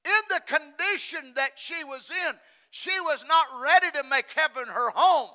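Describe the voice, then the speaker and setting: A man preaching a sermon, shifting from shouted lines to hushed, near-whispered ones and repeating phrases for emphasis. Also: very high voice, lively intonation, moderate pace.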